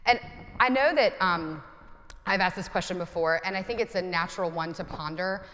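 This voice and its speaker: A woman's voice: lowish voice, moderate pace, fairly bright tone, in a large hall. A woman pastor in her thirties giving a conversational sermon with self-deprecating humor.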